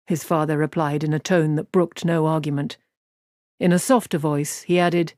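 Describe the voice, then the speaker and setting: A woman narrating an audiobook in an even, measured way, her voice sitting fairly low. The sound is dry and close, with no room around it. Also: no echo.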